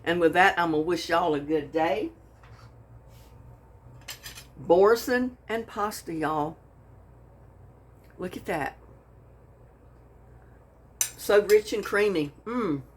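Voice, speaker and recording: A woman's voice: on the low side, animated, takes it slowly, pauses often. A woman hosting her own cooking channel, gushing in a folksy way as she tastes her food. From Texas. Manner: folksy, gushing, says y'all a lot. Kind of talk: casual cooking vlog, taste-testing.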